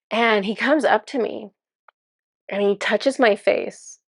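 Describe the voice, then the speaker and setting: A woman telling a story to camera in a casual, chatty way, laughing often and sometimes dropping to a hushed murmur. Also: mid-range voice, unhurried, creaky, no echo, clean studio sound. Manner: chatty and amused, laughs often while recounting. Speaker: spiritual channeler.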